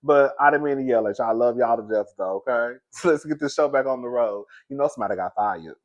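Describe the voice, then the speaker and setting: A man telling a comic story in a lively way, laughing often and saying "girl" in almost every line. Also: medium pitch, fast talker, lo-fi sound. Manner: animated, laughs often, says "girl" constantly. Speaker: comedic commentator.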